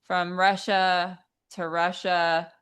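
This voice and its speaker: A woman singer as an interview guest, talking thoughtfully with many pauses and fillers. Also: fairly low pitch, flat delivery, fairly bright tone, clean tone. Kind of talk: casual interview chat.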